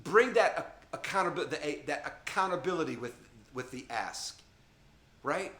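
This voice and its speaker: A man's voice: a little high, expressive, normal speed, sharp tone. Middle-aged guy preaching dating rules to teens, punchy and repetitive, keeps saying okay, roomy echo. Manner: emphatic, repetitive, addresses listeners directly with frequent "okay?". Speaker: youth ministry speaker. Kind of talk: informal teaching talk to a camera.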